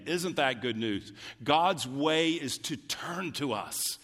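A man's voice: a little high, lively intonation, fairly bright tone. A man preaching a sermon as a pastor, reading scripture aloud and rising into fervent emphasis. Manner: deliberate, building to fervent emphasis. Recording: reverberant hall.

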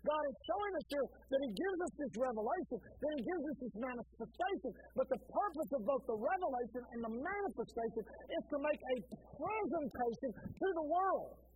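A woman preaches a sermon in a high voice that rises and falls freely. She tells her stories with animated energy and doubles back on her own words as she goes. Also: fairly quick, hardly any pauses, phone-quality sound, a little hiss or hum. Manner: animated storytelling preacher, repeats phrases.

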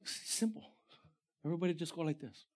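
This male pastor preaches with real animation, his slightly high voice moving quickly. He swings between shouted lines and hushed, almost whispered ones.

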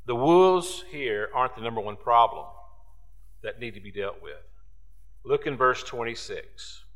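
A male pastor preaching a sermon slowly and emphatically, repeating key words. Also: mid-range voice, lively intonation, a bit bright. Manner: slow, emphatic preaching with repetitions. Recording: long hall reverb.

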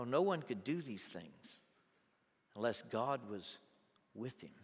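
A man preaching a sermon, moving between loud exclamations and quiet, conversational asides. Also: medium pitch. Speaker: pastor. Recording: long reverb of a large hall.

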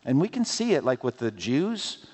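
A man preaching a sermon in an animated way, using rhetorical questions and playful asides. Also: medium pitch, moderate pace. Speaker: pastor. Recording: long hall reverb.

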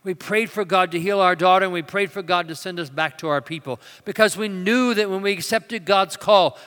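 A man delivering a sermon in a large church sanctuary, his voice bright and fairly high. He swings from loud, emphatic declarations down to quiet storytelling, and a long reverb trails after his words. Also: clear, resonant tone. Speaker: preacher.

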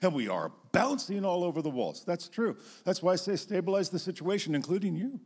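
A middle-aged man giving an earnest, expressive teaching talk as a Christian speaker, standing before an audience. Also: high-pitched, a little fast, slightly rough. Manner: earnest and expressive, acting out emotional outbursts.

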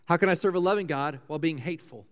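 A middle-aged man preaching a sermon as a pastor, conversational and animated, rising loud and high when excited. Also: rapid-fire. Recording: preached in a church, long reverb.

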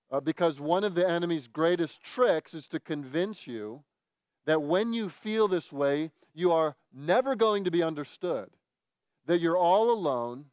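A man's voice: a little high, no echo. A man preaching a sermon to his congregation in an earnest way, now and then acting out what his listeners might say. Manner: earnest, with animated acted-out quotes. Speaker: pastor.

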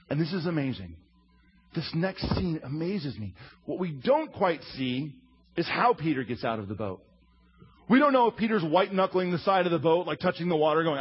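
A husky, fairly high-voiced man preaches a sermon, telling the story with a wide, animated swing in pitch. He acts out quotes as he goes. The recording sounds dull and lo-fi. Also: normal speed. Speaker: preacher teaching a Bible lesson. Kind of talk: sermon, drawing while teaching.

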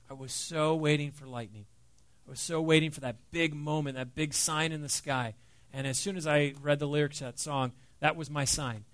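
A man's voice: on the high side, steady tone, moderate pace, dry recording. Earnest man preaching, conversational sermon. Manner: conversational, earnest, with many fillers and soft dips. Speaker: pastor. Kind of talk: sermon with personal story.

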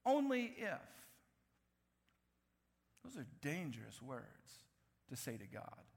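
A man preaching a sermon as pastor, animated, acting out the voices he quotes and dropping from loud bursts to hushed lines. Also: medium pitch, measured pace, creaky. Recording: reverberant hall.

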